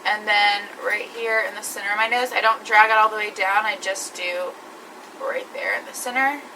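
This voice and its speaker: Bright-voiced woman chatting through makeup. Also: medium pitch, steady tone, normal speed, distant mic, slight background noise, low-quality recording. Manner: chatty, explains each step. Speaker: beauty vlogger. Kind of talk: makeup tutorial.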